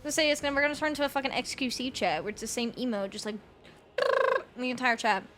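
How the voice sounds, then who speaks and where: A woman's voice: on the high side, fairly even intonation, fast, a bit bright, slight background noise. A young adult woman streaming a game, chatting casually with her viewers in a rambling way, swearing often and laughing a lot.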